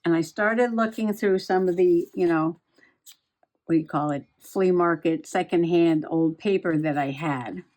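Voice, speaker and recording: A woman's voice: fairly low pitch, a little slow, darkish tone. A middle-aged woman chatting casually to herself while journaling and crafting, giggling often as she goes. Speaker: journaling vlogger.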